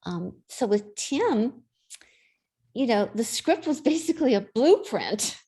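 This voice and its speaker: A woman's voice: on the high side, big pitch swings, takes it slowly, dark tone. A woman guest in an interview, chatting and telling stories in an easy way. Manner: chatty anecdotal storyteller. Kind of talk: casual interview storytelling.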